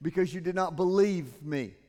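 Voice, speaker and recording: Man, pastor, sermon, emphatic then hushed, high voice, long hall reverb. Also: normal speed. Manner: swings from loud emphatic preaching to quiet, earnest asides. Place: church sanctuary.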